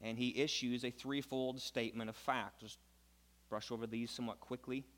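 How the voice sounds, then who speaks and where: A man preaching a sermon, moving between quiet explanation and loud, emphatic passages. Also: steady tone, moderate pace. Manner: swings from soft low explaining to loud high emphatic preaching. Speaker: pastor.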